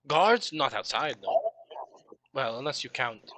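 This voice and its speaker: A man's voice: medium pitch, lively intonation, moderate pace, pushed and bright, a little hiss or hum. A man voicing a chatty local guide character in a tabletop game, rambling and hesitant.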